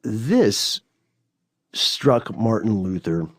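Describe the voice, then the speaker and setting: A man with a fairly low voice co-hosts a podcast in loose, casual chat. He keeps checking in with his listener as he talks. The sound is dry and close, with no room around it. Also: big pitch swings, extremely slow, husky, no echo. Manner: conversational, leans on "you know" and "right?". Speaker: podcast co-host.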